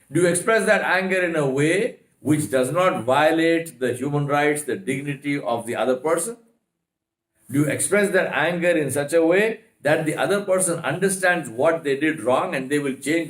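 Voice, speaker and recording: Emphatic male lecturer in an echoey hall. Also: a little high. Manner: emphatic, rhetorical questions, repeated "no, no, no". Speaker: Islamic lecturer. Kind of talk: religious lecture. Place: mosque hall.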